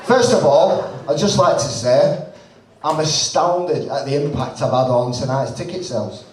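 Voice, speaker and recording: Lancashire comedian in an echoey club. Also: male voice, fairly high pitch, moderate pace, a little hiss or hum. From Lancashire, northwest England. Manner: blunt, sweary, self-mocking banter. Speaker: stand-up comedian. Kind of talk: stand-up set. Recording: roomy club recording from far off, crowd audible. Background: audience laughter.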